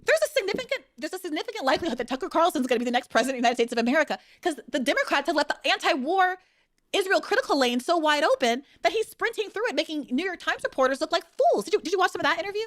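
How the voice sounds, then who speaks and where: A woman in a heated political debate, her voice high and swinging widely in pitch. She talks rapidly, passionate and emphatic. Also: big pitch swings, fairly bright tone.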